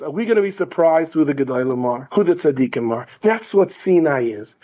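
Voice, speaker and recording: A man giving an inspirational storytelling talk as a rabbi, animated and building to near-shouting emphasis. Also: a little high, a little fast, few pauses.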